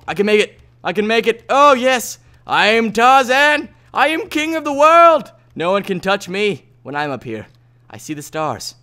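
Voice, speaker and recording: A man hosting a gaming video, joking playfully through his game and swinging between loud yelps and quiet asides. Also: fairly high pitch. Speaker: gaming channel host. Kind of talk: Let's Play commentary.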